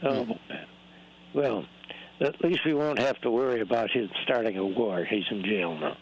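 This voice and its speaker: A man's voice: medium pitch, moderate pace, a little hiss or hum, rough recording. Man, polite regular caller, courteous casual chat.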